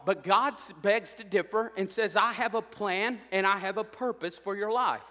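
A bright, high-voiced man preaches a sermon in a church sanctuary with a long echo. He gets fired up, swinging between loud declarations and hushed asides. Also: normal speed, hardly any pauses. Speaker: pastor.

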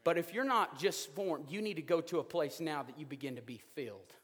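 Man, high bright voice, lively joking sermon style, echoing church hall. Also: brisk. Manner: animated, joking, rising to loud outbursts. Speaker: preacher. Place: church sanctuary.

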